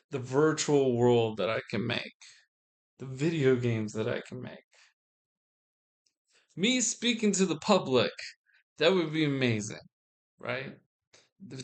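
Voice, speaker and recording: A man's voice: mid-range voice, fairly bright tone. A young man talking to his viewers in a rambling, casual monologue, full of restarts and the odd swear word. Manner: meandering, frequent restarts and swearing. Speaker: vlogger.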